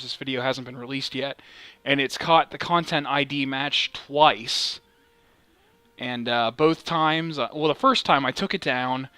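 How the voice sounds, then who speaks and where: Casual gaming co-host, male, bright and crisp, dry close mic, rambling and profane. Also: medium pitch, dry recording. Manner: rambling, profane and self-mocking. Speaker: let's play co-host.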